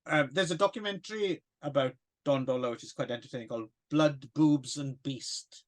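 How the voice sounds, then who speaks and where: Man, fairly high voice, casual podcast chat, rambling, hesitant, self-deprecating. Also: normal speed. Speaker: podcast co-host.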